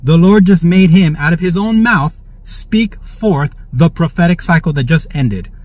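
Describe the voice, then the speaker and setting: A man's voice: a little high, lively intonation, unhurried, a little mellow, dry recording. A man hosting prophetic religious commentary. He reads the news aloud, cuts in with praise, and keeps checking in with listeners. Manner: jubilant, interjects praise and frequent "all right?". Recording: dull, dry lo-fi recording.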